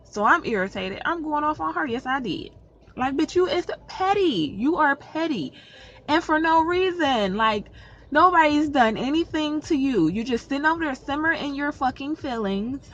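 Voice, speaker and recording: A woman's voice: sits high, expressive, moderate pace. A woman vlogger telling a story in a casual storytime vlog, blunt and profane, sounding fed up. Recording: slightly muffled with faint background noise.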